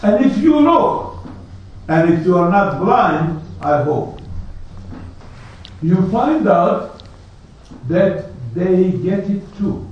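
Slow echoey preacher, rhetorical questions. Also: male voice, high voice, big pitch swings, darkish tone, slight background noise. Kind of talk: sermon. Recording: echoey hall, distant lo-fi mic.

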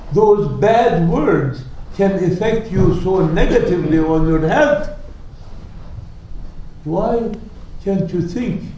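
A man preaching a sermon, telling stories slowly and deliberately and acting out the people in them. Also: on the high side, dark tone, a little hiss or hum. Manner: slow, deliberate storytelling with dramatic quoted voices. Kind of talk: sermon storytelling. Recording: echoey hall, speaker far from mic.

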